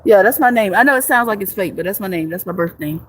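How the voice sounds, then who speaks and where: A woman live streamer with a medium-pitched voice speaks fast and animatedly while reading comments from her viewers. Her chat is casual and rambling, full of jokes, free swearing, and restarts.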